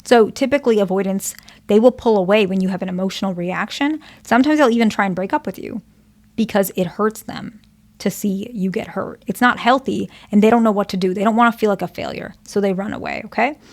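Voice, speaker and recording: A woman therapist explains relationship patterns to the camera in an earnest, patient way. Her voice carries a steady vocal fry at a middle pitch, and she keeps checking in with her listener. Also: brisk. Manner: earnest, checks in often with "okay?" and "right?"; explains patiently with example dialogues. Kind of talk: advice monologue to camera.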